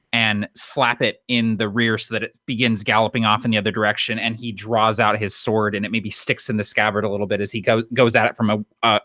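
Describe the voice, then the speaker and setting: A man's voice: lowish voice, sharp tone, no echo, clean studio sound. A man playing a tabletop game, describing his character's actions in a wry, detailed way. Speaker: player. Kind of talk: casual tabletop play.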